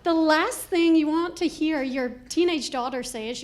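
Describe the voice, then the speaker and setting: High-voiced woman doing stand-up. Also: normal speed. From Georgia, US. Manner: animated, chatty, full of "like" asides. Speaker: stand-up comedian. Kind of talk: stand-up comedy set. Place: comedy club stage.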